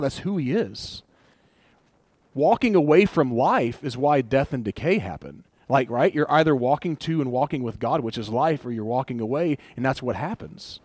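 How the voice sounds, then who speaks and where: This medium-pitched male pastor preaches at a moderate pace, keeping things casual and chatty. He acts out the lines of biblical characters in a lively way, and the recording carries no room sound.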